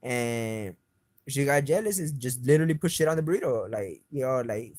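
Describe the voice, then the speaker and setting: A man's voice: medium pitch, fairly quick, no echo. Man, agitated, swearing constantly, rambling story, mid-range voice, dry close sound. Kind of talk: casual first-person account.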